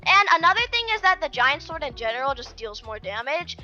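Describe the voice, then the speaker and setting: Bright high-voiced woman, rambling game commentary. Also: animated, fairly quick. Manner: rambling, with many fillers and restarts. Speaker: gaming video creator. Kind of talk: casual gameplay commentary. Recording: dull lo-fi mic with faint music.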